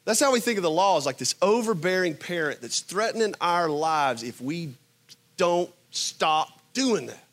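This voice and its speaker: A man preaching a sermon. He is emphatic, swings between loud bursts and quiet asides, and asks his listeners rhetorical questions. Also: high voice, expressive, unhurried, pauses often. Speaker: pastor.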